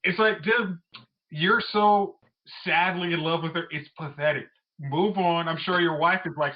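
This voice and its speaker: A man's voice: fairly high pitch, measured pace. A man co-hosting a movie podcast, chatting casually and mimicking people mid-rant. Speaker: podcast co-host. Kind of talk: casual chat. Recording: slightly muffled audio.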